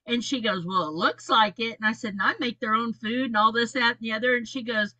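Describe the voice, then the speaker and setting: A woman's voice: a little high, a little fast, sharp tone, no echo, rough recording. A woman hosting a casual chat, giving friendly, encouraging advice.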